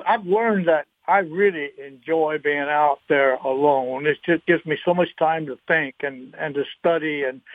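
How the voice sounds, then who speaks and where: A man in his eighties, a guest on a radio interview, speaking in a halting, earnest way with many repeated words and getting choked up. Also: fairly high pitch, no echo. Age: 80s. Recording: tinny phone line.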